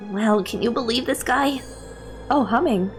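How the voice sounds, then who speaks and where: A woman's voice: a little high, measured pace, faint music behind. A woman streaming a story game live, commenting animatedly and laughing often.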